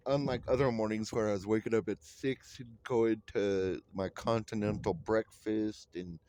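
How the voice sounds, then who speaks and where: A man's voice: lowish voice, steady tone, normal speed, dark tone. A man ranting in a vlog from a train, profane and rambling, full of fillers. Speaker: vlogger. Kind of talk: ranting monologue. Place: on a moving train. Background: train noise.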